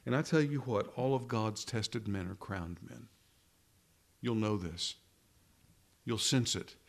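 A man's voice: lowish voice, slow, creaky. A man preaching a sermon in an earnest way, asking rhetorical questions and repeating phrases for emphasis.

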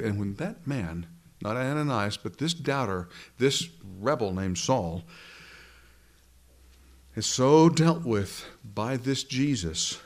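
A man's voice: mid-range voice, lively intonation, takes it slowly. A man pastor preaching a sermon, earnestly addressing his congregation directly.

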